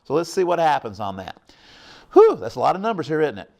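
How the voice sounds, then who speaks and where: A man's voice: on the high side, big pitch swings, fast, gravelly, darkish tone. A middle-aged man hosting a televised math lesson, upbeat and coaxing, often checking in with his viewers. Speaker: math teacher hosting a call-in show.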